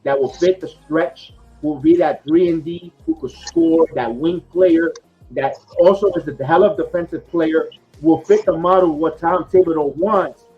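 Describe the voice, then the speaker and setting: A man's voice: a little high, normal speed, soft background music. A man hosting a casual sports podcast, talking in a rambling way with lots of fillers and restarts. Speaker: podcast host. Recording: dull lo-fi podcast audio.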